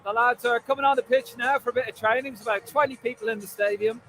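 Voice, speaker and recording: Talking fast in an extremely high, steady, fairly bright voice, an Irish football fan streams live from a stadium. He reads viewer comments and bantes with them, chatty and jokey with frequent fillers. The recording is rough, with slight background noise.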